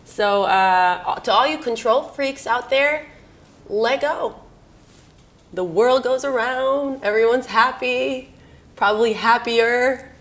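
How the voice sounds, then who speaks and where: A woman's voice: fairly high pitch, slow pace. A woman in her thirties telling candid personal stories in an interview, rambling and laughing often. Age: 30s.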